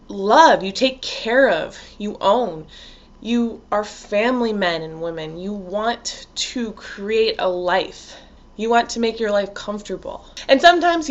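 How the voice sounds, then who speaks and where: Woman astrologer, casual monologue, lively and outspoken, swears freely, slightly high voice. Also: lo-fi sound. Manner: chatty, animated, frank, swears freely, laughs often.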